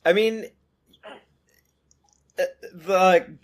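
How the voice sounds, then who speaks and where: A man co-hosting a podcast, describing comic panels in a halting way full of "like" and "uh". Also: high-pitched, fairly even intonation. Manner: halting, many fillers and "like". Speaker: podcast co-host. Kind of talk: casual chat about comics.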